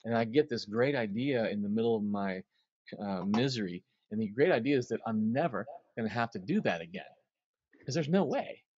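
Male drummer telling a lively story. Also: on the low side, fairly quick, breathy edge, dry recording, dull audio. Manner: animated storyteller, acts out quotes. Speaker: interview guest, drummer. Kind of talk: storytelling in an interview.

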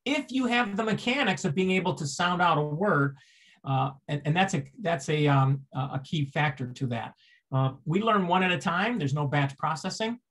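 Man lecturing with rhetorical questions. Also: fairly high pitch. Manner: explanatory, rhetorical questions, frequent restarts. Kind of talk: seminar lecture.

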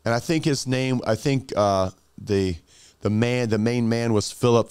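A male pastor telling a story in a sermon, animated, with many restarts. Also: mid-range voice, a little slow, smooth, no echo, clean studio sound.

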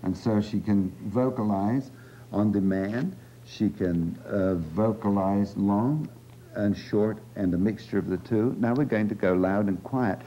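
A man, a speech clinician, gives a measured, explanatory demonstration of a speech evaluation on an old dull lo-fi 1980 videotape. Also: lowish voice, slight background noise. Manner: measured, explanatory, patient coaxing with a child. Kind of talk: instructional demonstration.

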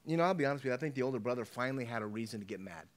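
Brief: middle-aged male pastor, informal preaching, mid-pitched, often asks the room if they follow. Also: animated, rapid-fire. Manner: conversational, repeats words, checks in with the congregation. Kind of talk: sermon.

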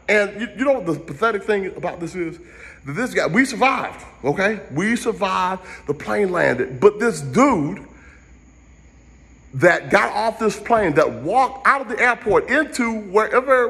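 A man's voice: sits high, fairly bright tone. A man doing a casual live-stream comedy rant, rambling and jumping between jokes and asides.

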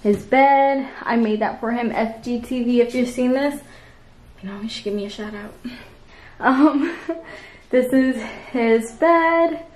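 A woman's voice: a little high, slow, low-quality recording. A woman giving a casual tour of her home, filming on a handheld phone and rambling with ums and small laughs. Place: home apartment, indoors. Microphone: handheld phone camera while walking.

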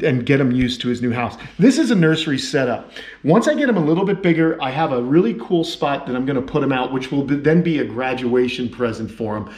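A man hosting a reptile vlog, narrating in a casual, excitable way that sometimes tips into yelling. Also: mid-range voice. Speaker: vlog host and reptile keeper.

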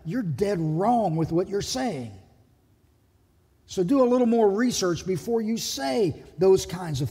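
Animated pastor with husky high voice. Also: male voice, big-room sound. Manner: animated, acts out quoted voices. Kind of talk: sermon. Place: church sanctuary.

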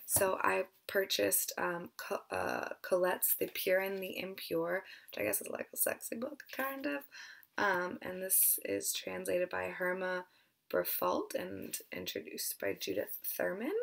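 A woman talks casually as a book vlogger, her mid-pitched voice full of gravelly vocal fry. She sounds a little out of breath and hesitant, tripping over names and slipping into whispered asides. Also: a little slow, fairly bright tone. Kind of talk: casual chat.

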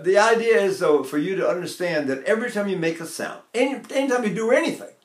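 In a room with a noticeable echo, an older male voice teacher whose speaking voice is slightly high gives a vocal technique lesson on breath and posture. He asks rhetorical questions again and again and demonstrates with short sung vowels.

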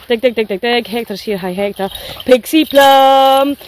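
A woman's voice: medium pitch, steady tone, fast, a little hiss or hum, poor audio. A Scottish woman walking dogs through a wet forest, chatting casually and playfully to her phone and the dogs, with the odd swear. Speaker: dog walker. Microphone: handheld phone while walking.

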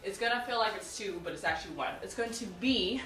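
A martial arts instructor, a woman with a mid-range, animated, somewhat bright voice, talks fast while counting drills in an instructional tutorial. She cues students and keeps things chatty, laughing and joking with viewers. The room echoes and the mic is at a distance.

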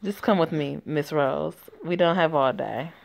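A woman's voice: low-pitched, measured pace, creaky, pitched below the performer's own voice. Woman voicing a smug male teacher who teases, story game read-aloud. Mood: teasing. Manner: teasing, mocking. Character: smug teasing man, a teacher.

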